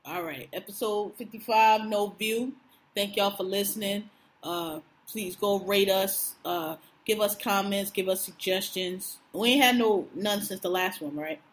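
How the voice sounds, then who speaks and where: A woman co-hosting a podcast, telling a story in casual chat, profane and animated. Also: medium pitch, unhurried, a little hiss or hum. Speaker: podcast co-host.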